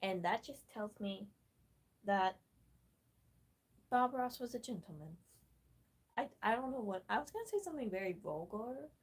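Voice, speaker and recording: Breathy, exasperated young woman. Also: mid-range voice, lively intonation, normal speed, long pauses, low-quality recording. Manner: swearing, exasperated, talks back at a video. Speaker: gaming vlogger. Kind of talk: casual rambling commentary while painting.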